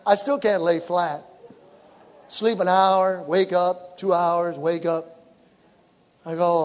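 Middle-aged male preacher, very high voice, animated, shouting sermon, echoing hall. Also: slow, pauses often. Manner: animated, shouting to the congregation, with laughter. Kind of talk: sermon with personal story. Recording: large hall with long reverb.

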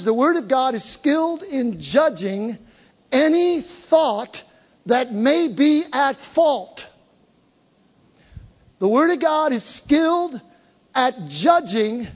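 A man preaching a sermon to a congregation, emphatic, repeating key words and drawing the crowd into call and response. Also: extremely high pitch. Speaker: pastor. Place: church hall with live congregation. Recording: long reverb of a large hall.

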